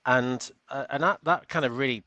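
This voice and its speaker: A man's voice: mid-range voice, pushed and bright, no room sound, lo-fi sound. Earnest British man, dry close sound. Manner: earnest, quick, with frequent repeated words. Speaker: guest coach and author. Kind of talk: podcast interview.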